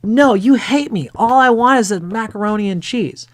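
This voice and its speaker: A man doing a petulant little boy in a spoken story, his voice jumping far up into a high, loud, protesting whine. The complaint sounds shrill and stubborn, a spoiled child refusing his dinner. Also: normal speed, natural voice. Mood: whining.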